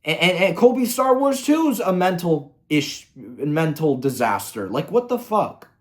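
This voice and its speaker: A man's voice: a little high, big pitch swings, measured pace. A man hosting a commentary video, ranting in an angry, profane, exasperated way. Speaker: commentary host.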